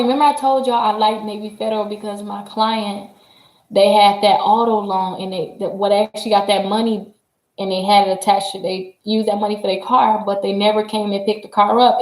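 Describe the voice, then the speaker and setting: A woman hosting a casual livestream, chatty and excitable, laughing often and talking straight to her viewers. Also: mid-range voice, brisk. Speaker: credit repair livestream host. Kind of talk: casual livestream chat reading viewer comments. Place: her office. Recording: roomy echo.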